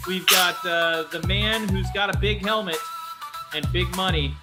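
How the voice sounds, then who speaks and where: A man's voice: high-pitched, fairly even intonation, measured pace. A man hosting a casual sports podcast, joking with his co-hosts in a playful way. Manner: playful, hypes up the show. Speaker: podcast host. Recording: music playing under the voice.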